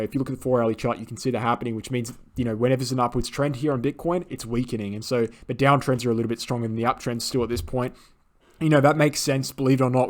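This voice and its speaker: Male market analyst, rapid emphatic delivery, mid pitch, lots of fillers. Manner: emphatic, insistent, frequent "right?" and fillers. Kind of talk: chart analysis commentary.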